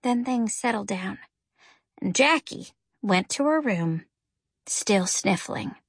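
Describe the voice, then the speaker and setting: A woman narrating a first-person children's story in an expressive, lively way. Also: medium pitch, slow, slightly rough, dry recording, studio quality. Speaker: audiobook narrator.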